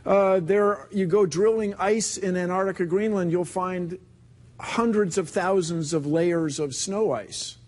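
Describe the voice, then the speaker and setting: A man being interviewed as a scientist, explaining in an animated, earnest way. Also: high voice, measured pace. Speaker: scientist guest. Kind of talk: casual interview.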